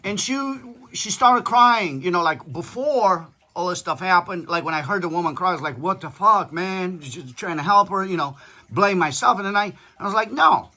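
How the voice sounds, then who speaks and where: Blunt, high-voiced man lecturing bluntly. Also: a little fast, sharp tone. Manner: blunt, profane, lecturing storyteller. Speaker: father talking with his daughter. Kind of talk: casual chat.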